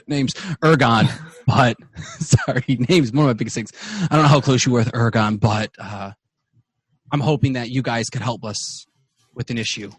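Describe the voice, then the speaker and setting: A man's voice: mid-range voice, breathy edge, no room sound. Man playing a courteous wood elf, hesitant, close dry mic. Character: friendly male wood elf villager.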